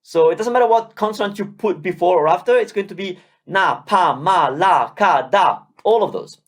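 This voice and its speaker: A language teacher with a mid-range voice leads a beginner lesson, drilling syllables slowly and encouraging the learners.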